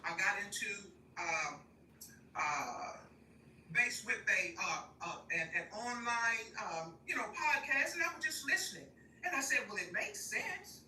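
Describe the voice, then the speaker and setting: An older woman talks on a livestream, lively and folksy, laughing often and calling her listeners "y'all." Her voice is very bright. She is recorded outdoors in a park on a phone held some way off, so the sound is roomy, with faint ambience behind her. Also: mid-range voice, measured pace, recorded from a distance, a little hiss or hum. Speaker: guest speaker. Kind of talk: casual livestream talk. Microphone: phone held while walking.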